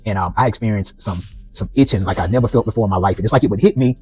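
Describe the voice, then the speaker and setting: A man's voice: lowish voice, very fast, a little mellow, soft background music, low-quality recording. A middle-aged man speaking in a conversational monologue about his own life, often adding "you know" and "right". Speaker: vlogger. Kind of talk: personal reflective monologue.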